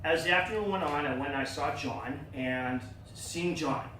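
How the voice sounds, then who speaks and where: A middle-aged man tells a personal story to a club audience, with lively energy and a slightly high voice. He acts out the people in the tale. He sounds distant from the mic in an echoey room with audible room noise. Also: normal speed. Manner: animated, acts out quoted voices. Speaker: club speaker. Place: meeting room.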